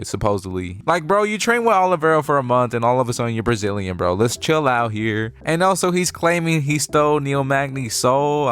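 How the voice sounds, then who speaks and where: A man's voice: medium pitch, fairly bright tone. A young man giving a casual, opinionated breakdown of an upcoming fight, chatty, peppered with "like" and "bro", laughing now and then. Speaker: MMA fight analyst.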